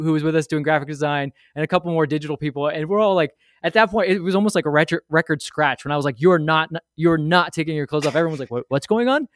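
Podcast guest, male, slightly high voice, rambling animated storyteller, dry close sound. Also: no room sound. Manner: rambling, animated storyteller with many fillers and asides. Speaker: guest sharing a fan memory. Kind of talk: casual storytelling.

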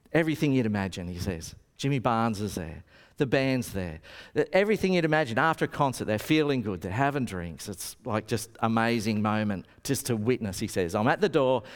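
Animated man preaching in a hall. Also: medium pitch. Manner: storytelling, animated, acts out quotes. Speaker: pastor. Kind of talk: sermon. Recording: long reverb of a hall.

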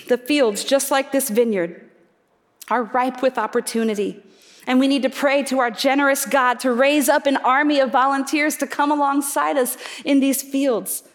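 A woman preaching a sermon, earnest and reflective, posing rhetorical questions to her congregation. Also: sits high. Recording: reverberant hall.

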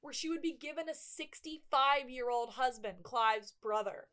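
A woman co-hosting a podcast, recapping a TV episode in casual chat and briskly acting out the characters' lines. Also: sits high. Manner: lively storytelling, acts out characters' lines. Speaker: podcast co-host.

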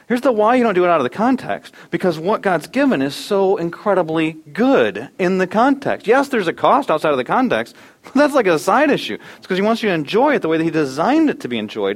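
A man in his thirties preaching to a church congregation. He is earnest, sinks to quiet, low lines, then lifts into loud, animated emphasis. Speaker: pastor. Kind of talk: sermon.

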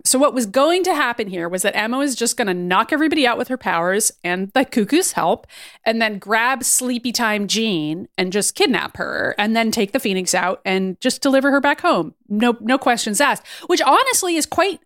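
A woman's voice: a little high, animated, normal speed, fairly bright tone, no echo, studio quality. A woman co-hosting a podcast, chatting casually and joking while she acts out quotes. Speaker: podcast co-host. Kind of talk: casual chat recapping a cartoon.

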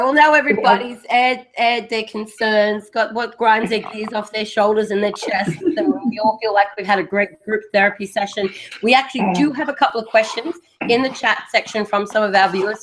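An Australian woman hosting a casual gaming podcast, animated and quick to laugh as she rants. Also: mid-range voice, slight background noise. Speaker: podcast host. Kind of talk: casual chat.

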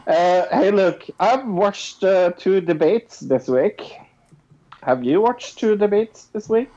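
A podcast co-host speaks slowly in a high-pitched, dark-toned voice with lively intonation. His casual chat is hesitant, packed with filler sounds, repeated words and restarts, heard through a dull lo-fi recording.

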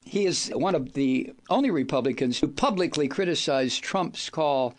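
A man's voice: fairly high pitch, lively intonation, normal speed. Raised voice, swooping wildly up and down, this male talk radio host fumes and hurls insults at his targets. His delivery is theatrical and scornful. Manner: angry, insulting, theatrical ranting. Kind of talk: political talk radio rant.

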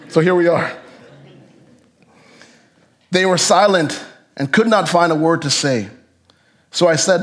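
A man preaching a sermon as pastor, animated, his voice jumping up for emphasis and then dropping low. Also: moderate pace, long pauses. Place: church sanctuary.

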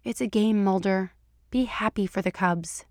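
Narrator doing a patient, teasing female agent, mid pitch, dry close mic. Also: normal speed, dry recording, lightly acted. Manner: calm, gently teasing.

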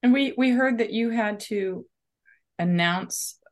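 A woman's voice: on the high side, takes it slowly. A woman co-hosting a podcast, interviewing a guest in a friendly, casual chat. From Philadelphia area. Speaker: podcast co-host.

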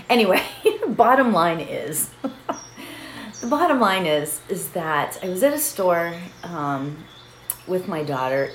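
Chatty middle-aged woman, roomy echo. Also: deep voice. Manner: chatty, laughs often, keeps asking "right?". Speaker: meditation host. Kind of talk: casual chat leading a meditation. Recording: roomy echo with faint background noise.

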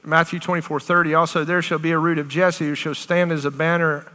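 A woman preaching a charismatic sermon, animated and excited, often laughing between phrases. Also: low-pitched, fairly quick. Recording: long hall reverb.

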